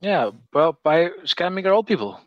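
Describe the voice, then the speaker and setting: A man's voice: high-pitched, very animated, no room sound. Blunt man on a slightly dull line. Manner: blunt, quick reactions. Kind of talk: casual podcast chat.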